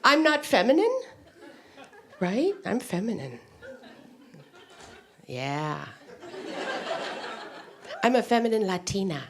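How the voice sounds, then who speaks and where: A woman comedian telling stories on stage in an animated stand-up delivery. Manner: animated storytelling with wide pitch swings.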